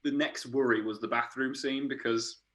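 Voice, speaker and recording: A man, an art director, casually telling animated stories in a podcast chat, laughing and swearing as he goes. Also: mid-range voice, normal speed, low-quality recording.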